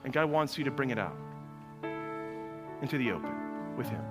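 A man's voice: medium pitch, very animated, moderate pace, in a large hall, over music. A man preaching a sermon in a large church, telling stories and acting out the people he quotes in playful voices. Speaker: pastor.

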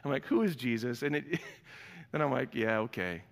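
A pastor preaches a sermon in a large church, his medium-pitched, gravelly voice at a moderate pace with a long reverb tail. He tells stories and acts out the people he quotes in playful voices.

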